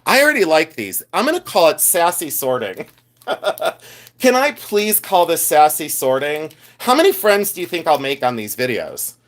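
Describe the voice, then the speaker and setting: A man's voice: a little high, a bit bright. Sassy chatty man on a live stream. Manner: chatty and sassy, talks straight to viewers with rhetorical questions and laughs. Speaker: livestream host sorting gemstones. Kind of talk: casual live-stream chat. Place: home room, on camera with a livestream.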